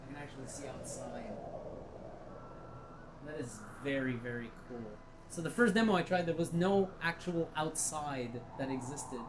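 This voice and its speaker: A woman's voice: very deep voice, moderate pace, slight background noise, rough recording. A woman giving casual, enthusiastic commentary while playing a virtual reality game, chatty and swearing freely. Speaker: VR game reviewer.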